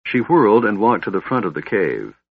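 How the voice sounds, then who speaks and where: A man narrates a fantasy audiobook with a lowish, husky voice and measured pacing. The recording is dry and a bit dull, with no room sound. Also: big pitch swings, dry recording.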